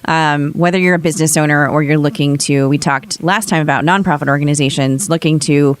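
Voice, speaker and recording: Chatty low-voiced woman host. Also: steady tone, brisk. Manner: chatty, quoting others in a playful voice. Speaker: podcast host. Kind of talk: casual podcast chat.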